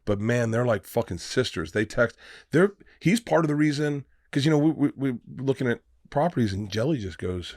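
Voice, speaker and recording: A man's voice: mid-range voice, brisk, no room sound. A man, a guest comedian, telling rambling, profane stories in casual podcast chat on a studio mic. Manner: rambling, profane, animated storyteller.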